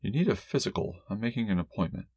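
A man voicing a gentle scientist wife. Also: lowish voice, animated, fast talker, husky, dry recording, clean studio sound. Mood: firm. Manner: gentle, affectionate, uses pet names. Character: adult woman, a distracted scientist wife. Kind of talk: audiobook character voice.

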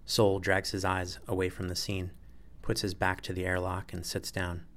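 Man, very deep voice, audiobook narration, measured, storytelling. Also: completely flat delivery, fairly bright tone.

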